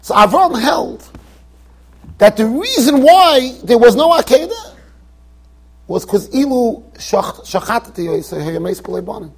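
A rabbi teaches a Torah class in a very high voice with a husky edge. His delivery is emphatic and keeps swinging up and down in pitch. He slips Yiddish and Hebrew terms into his English. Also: big pitch swings, unhurried. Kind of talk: yeshiva Torah lecture. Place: yeshiva study hall.

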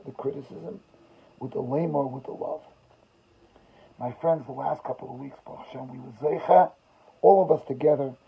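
Raspy rabbi in a fervent sermon. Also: male voice, fairly high pitch. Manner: swings from loud emphasis to hushed, tearful retelling. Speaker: rabbi giving a Torah class. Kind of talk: emotional sermon storytelling. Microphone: video call. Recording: dull lo-fi video call audio.

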